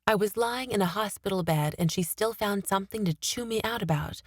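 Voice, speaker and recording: A woman narrating a fantasy novel in the first person, steady and expressive, on a studio mic. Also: medium pitch, a little fast, few pauses, no room sound. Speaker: audiobook narrator.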